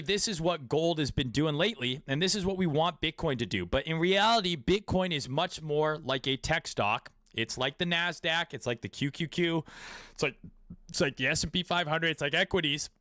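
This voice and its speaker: Male crypto host, raised pitch, dry close sound, crude riffing delivery. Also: expressive, normal speed, sharp tone, dry recording. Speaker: crypto trading commentator. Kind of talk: casual market commentary.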